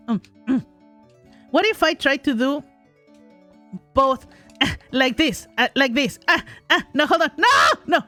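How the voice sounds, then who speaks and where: Woman streamer, higher voice, giggly play-by-play, bright tone. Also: a little slow, long pauses, faint music behind. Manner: giggly, self-talking, exclaims in frustration. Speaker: gaming streamer. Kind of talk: live gameplay commentary.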